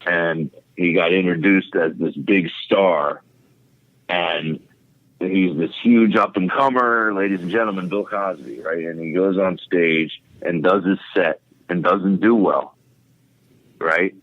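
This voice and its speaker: A man's voice: sits low, takes it slowly, no room sound. A man, a comedian guest, telling a story in casual, profane chat with lots of fillers, over a tinny phone line. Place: home podcast setup.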